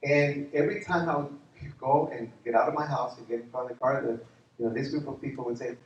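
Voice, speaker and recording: A man preaching a sermon as a pastor, telling stories in an animated way and laughing along with them. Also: medium pitch, fast talker, slight background noise. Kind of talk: storytelling sermon. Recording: echoey hall, distant muffled mic.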